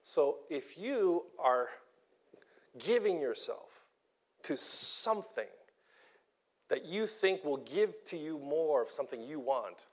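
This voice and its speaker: A man preaching a sermon with strong emphasis, sometimes dropping to a soft whisper. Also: fairly high pitch, lively intonation, slow, pauses often. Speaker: pastor.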